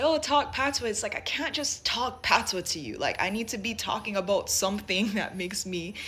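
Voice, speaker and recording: A young woman speaks in a light Jamaican accent blended with American tones, musing aloud with plenty of "like" and "you know." Her voice sits a little low for a woman. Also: fairly bright tone. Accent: Jamaican, mixed with American. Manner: thoughtful, many fillers like "like" and "you know". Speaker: vlogger. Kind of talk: reflective casual monologue.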